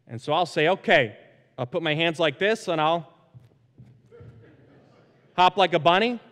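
Animated pastor preaching in a reverberant hall. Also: male voice, fairly high pitch, moderate pace. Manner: animated, acts out animal sounds in stories. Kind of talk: sermon. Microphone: microphone.

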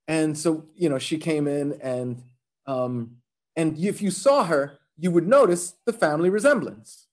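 A man's voice: a little high, lively intonation, normal speed, a little mellow. A man preaching a sermon in a conversational, joking way, with fillers and restarts. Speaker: pastor.

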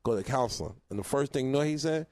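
A man co-hosting a podcast in casual chat, an animated storyteller who acts out his relatives' lines. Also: mid-range voice, fast talker, no room sound, clean studio sound. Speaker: podcast co-host.

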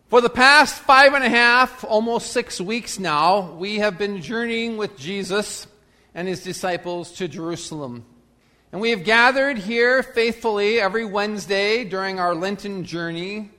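A man preaching as pastor, reading and praying with a measured, emphatic delivery that swells and falls. His voice sits high for a man. Long church reverb trails after each phrase. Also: expressive, bright, forceful tone. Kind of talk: sermon with gospel reading and prayer.

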